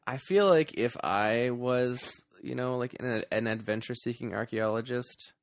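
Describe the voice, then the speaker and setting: A man co-hosting a casual movie review podcast, animated and giggly. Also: medium pitch, moderate pace, no room sound, studio quality. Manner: animated, giggly, playful banter. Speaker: podcast co-host.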